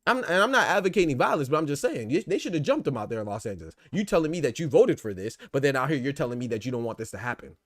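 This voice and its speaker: A man hosting a podcast, riffing in casual, animated commentary full of rhetorical asides and swearing. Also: mid-range voice, very fast, hardly any pauses, no echo. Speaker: podcast host. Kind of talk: casual boxing and politics commentary.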